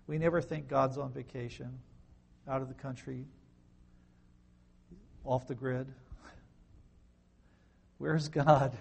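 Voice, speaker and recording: A man giving conversational Bible teaching, firing rhetorical questions at listeners with wry, sarcastic asides and swinging between soft and loud delivery. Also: medium pitch, vocal fry, husky. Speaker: pastor.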